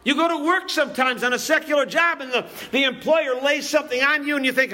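Male pastor, very high pitch, impassioned sermon delivery in church, repetitive emphatic cadence. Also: fast talker, few pauses, pushed and bright. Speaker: preacher. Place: church building.

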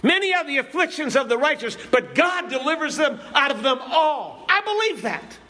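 A man's voice: very high-pitched, big pitch swings, normal speed, sharp tone. A man preaching a sermon in a church, impassioned and repetitive, building to raised, emphatic lines.

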